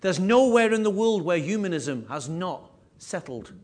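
A man preaching a sermon with emphatic, repetitive phrasing, his voice rising and falling in loudness. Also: high-pitched, big pitch swings, normal speed. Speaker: pastor.

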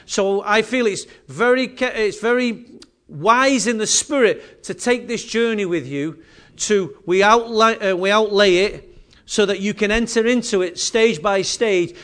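A man pastor leading his church in a fervent closing prayer, at times speaking in tongues and rising to loud calls. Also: high-pitched, a little slow. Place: church sanctuary.

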